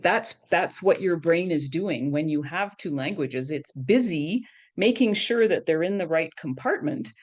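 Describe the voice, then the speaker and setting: A middle-aged woman, a professor of education, explaining things in a conversational interview and often checking in with "right?". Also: on the low side. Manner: explanatory, frequently adds "right?".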